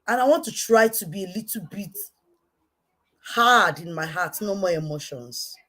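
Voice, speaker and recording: A woman with a Nigerian accent and a low, weighty voice delivers an impassioned rant straight to camera. She hammers each point by saying it twice, dropping to a quiet, pointed tone and then flaring up into shouting. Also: unhurried. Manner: repetitive, emphatic, swinging from quiet to shouting. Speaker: online commentator.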